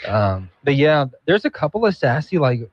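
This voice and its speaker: A man's voice: fairly high pitch, big pitch swings, moderate pace. A man co-hosting a talk radio show, bantering in a joking, self-mocking way. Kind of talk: casual radio chat. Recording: slightly dull, dry studio broadcast audio.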